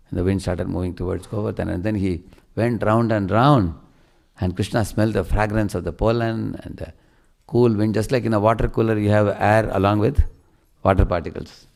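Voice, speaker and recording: A man's voice: lowish voice, creaky. A man giving a devotional sermon, telling stories and often asking listeners questions. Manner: animated storyteller, asks listeners questions. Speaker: preacher.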